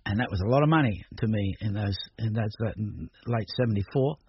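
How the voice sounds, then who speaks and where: Older man, halting radio guest. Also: lowish voice. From Australia. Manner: rambling, hesitant, many restarts. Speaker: musician guest. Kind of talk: radio interview. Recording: dull radio recording with faint noise.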